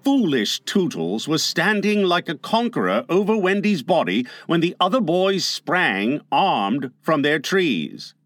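A man reading a children's novel aloud as an audiobook narrator, with expressive delivery. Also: fairly high pitch, unhurried, few pauses, no echo.

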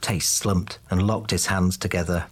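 A man narrating a fantasy audiobook in a steady, even way. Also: low-pitched, measured pace.

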